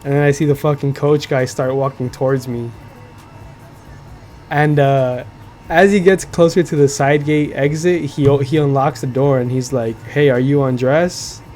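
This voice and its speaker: A young man tells a story on his podcast in a loose, profane way. His talk is full of "like" and "you know," and he keeps checking in with the listener. His pitch sits at a plain middle height for a man. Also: steady tone, moderate pace, darkish tone, faint music behind. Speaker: podcast host. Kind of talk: casual storytelling.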